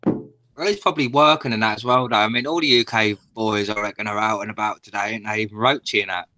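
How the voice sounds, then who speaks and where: Man, livestream guest, bright forceful voice, agreeable. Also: on the low side, steady tone, quick pace. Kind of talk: casual livestream chat.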